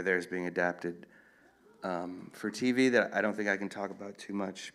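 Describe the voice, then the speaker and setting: A man, an author, answering audience questions in a relaxed, rambling storytelling way at a live event. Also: low voice. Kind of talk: casual Q&A talk.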